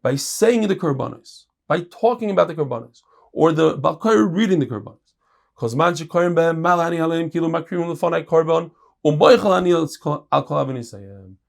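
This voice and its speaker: A middle-aged man, a rabbi teaching a Talmud lesson, reading Hebrew and Aramaic passages and explaining them in English with lively emphasis. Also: brisk, gravelly. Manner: animated, jumps in pitch and volume for emphasis.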